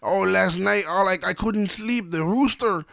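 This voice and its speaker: A man voicing his groaning Dominican uncle, who complains slowly and whinily about a headache and a loud rooster, in a Dominican accent. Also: high voice, vocal fry, dry recording, heavily acted. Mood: whiny.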